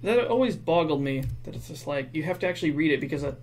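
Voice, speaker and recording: A streamer with a Canadian accent, chatting animatedly while drawing and swearing freely. The voice sits at a middle pitch, with a faint hiss underneath. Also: lively intonation, quick pace, darkish tone. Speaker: co-host and artist of an art stream. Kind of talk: casual chat while drawing.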